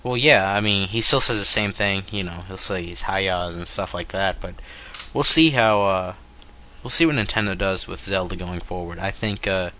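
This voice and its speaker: Bright-voiced man on a casual gaming podcast. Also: low voice, normal speed. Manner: rambling, jokey, mocks companies in made-up dialogue. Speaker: podcast co-host.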